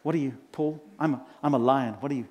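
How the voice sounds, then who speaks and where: A man's voice: mid-range voice, fairly even intonation, quick pace, a little mellow, natural voice. A man playing a pompous, self-adoring management guru in a live stage comedy act, spouting rhymes and quizzing the audience from a conference stage. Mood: boastful. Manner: showy rhyming wordplay, quizzes the audience. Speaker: motivational speaker character.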